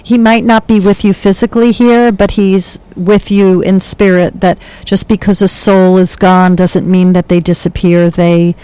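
A woman working as a psychic medium, talking in a gentle, soothing way with a rambling flow in a studio. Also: mid-range voice, little pitch movement, measured pace, few pauses, clean tone, poor audio. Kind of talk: spiritual reading, casual chat.

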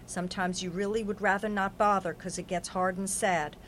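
A woman's voice: mid-range voice, flat delivery, a little fast, slight background noise. A woman giving an earnest, affirming spiritual reading on a podcast, with lots of repetition. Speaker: psychic reader.

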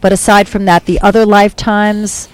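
Woman psychic reader, chatty and animated, casual session. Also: mid-range voice, moderate pace. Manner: animated, laughing, puts on playful voices. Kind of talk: casual spiritual reading.

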